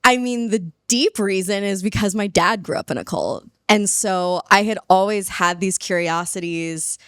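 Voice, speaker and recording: A woman from Baltimore talking as a guest on a podcast, chatty and quick with upspeak, vocal fry and frequent laughs. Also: medium pitch, fairly bright tone, dry recording, studio quality. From Baltimore, USA. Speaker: guest sociolinguist. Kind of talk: casual interview chat. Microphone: podcast microphone.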